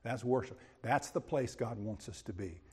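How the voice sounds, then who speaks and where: A man preaching a sermon, with dramatic swings between loud emphasis and hushed, quiet lines. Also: mid-range voice, normal speed, slightly rough, big-room sound. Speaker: pastor.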